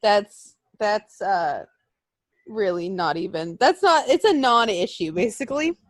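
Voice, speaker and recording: A woman's voice: medium pitch, unhurried, no room sound. A woman co-hosting a podcast, chatting casually and telling stories with lots of fillers. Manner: animated storytelling, acts out voices, frequent fillers. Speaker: podcast co-host. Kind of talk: casual chat recapping wrestling.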